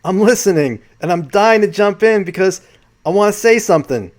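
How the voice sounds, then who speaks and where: A man doing a loud, keen New Yorker. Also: high-pitched, expressive, normal speed, voice pushed up. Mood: eager. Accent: New York. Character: eager older man with a thick New York accent.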